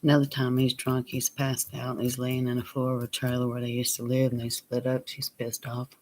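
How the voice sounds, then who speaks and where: A man telling a personal story on his vlog, plain and unhurried, sometimes dropping to a near whisper. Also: mid-range voice, completely flat delivery, a little mellow. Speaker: vlogger.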